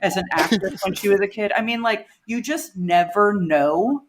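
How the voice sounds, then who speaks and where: A woman's voice: medium pitch, moderate pace, a little hiss or hum. A woman in a band, a podcast guest telling rambling stories in a casual, chatty way and laughing often. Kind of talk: casual storytelling.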